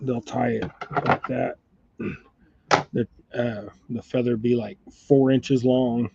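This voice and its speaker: A man's voice: medium pitch, steady tone, slow, creaky, heavy background noise. A man hosting a casual jig-tying chat at his bench indoors, rambling and laid-back, laughing often. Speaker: fly and jig tier, channel host. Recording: dull lo-fi dry sound.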